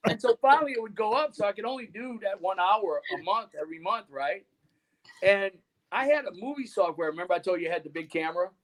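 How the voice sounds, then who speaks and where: A man's voice: sits high, lively intonation, fast, fairly bright tone. A man telling stories as a guest in a casual interview, rambling and filling his talk with "you know" and "man". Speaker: guest musician and radio host.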